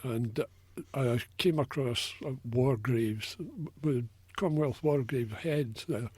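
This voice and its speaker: A man's voice: mid-range voice, takes it slowly, a little mellow, slightly rough, dry recording. An older man with a Scottish accent, telling stories in a casual radio interview, with a chatty manner full of fillers. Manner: chatty, anecdotal, many fillers. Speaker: interview guest, local war researcher.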